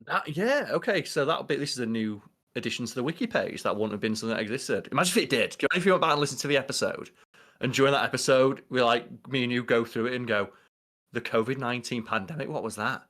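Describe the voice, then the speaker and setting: A man co-hosting a casual podcast, telling animated stories and swearing offhand. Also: mid-range voice, very fast. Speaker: podcast co-host. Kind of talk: casual chat.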